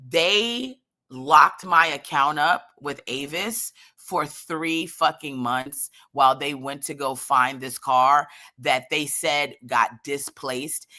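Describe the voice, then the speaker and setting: A woman telling a comic story in an animated, exasperated way, swearing freely. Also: deep voice.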